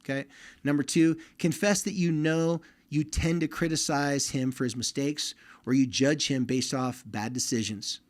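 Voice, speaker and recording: A man in the middle range of pitch talks to fathers in an easy, conversational way. He speaks to listening dads directly, as a podcast host handing out plain advice. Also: fairly even intonation, moderate pace. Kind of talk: casual advice talk.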